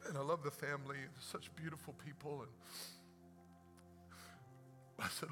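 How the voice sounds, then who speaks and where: A male pastor preaching a sermon in a church, swinging from hushed to shouted and repeating phrases for emphasis. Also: on the high side, level tone, moderate pace. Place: church sanctuary. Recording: church hall reverb with faint music.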